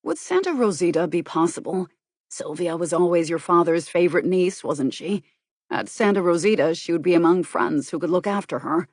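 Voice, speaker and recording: A grave, controlled man, read by a woman, talks in a measured, earnest way, quietly worried and gently persuasive. The voice sits low, recorded close and dry in an audiobook. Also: animated, no echo.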